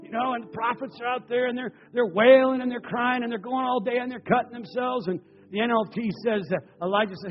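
A man preaching a sermon, telling stories in an animated way that swings between loud passages and hushed ones. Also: very high voice, a little fast, long reverb tail, lo-fi sound, faint music behind.

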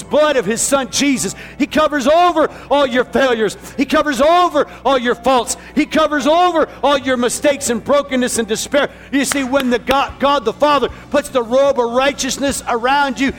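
A man delivers a sermon in a notably high voice, hammering phrases again and again and rising to shouts. Soft music plays faintly behind him. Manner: emphatic, repetitive, rising to shouts. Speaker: preacher.

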